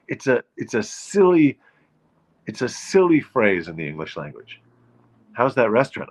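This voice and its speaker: A man's voice: medium pitch, sing-song, normal speed. A man hosting a show, delivering a wry, emphatic comic rant about turns of phrase. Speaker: show host. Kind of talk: comic monologue.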